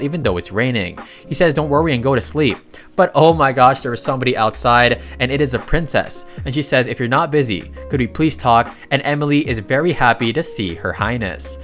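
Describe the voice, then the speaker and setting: A man's voice: medium pitch, a bit bright. A man narrating a casual recap of a comic story, reading the characters' lines in his own voice and adding chatty asides.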